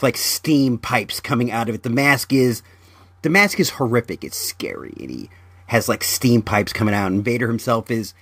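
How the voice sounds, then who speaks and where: A man hosting a podcast in casual chat, halting and often repeating his words as he rambles. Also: mid-range voice, fairly bright tone, dry recording. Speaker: podcast host.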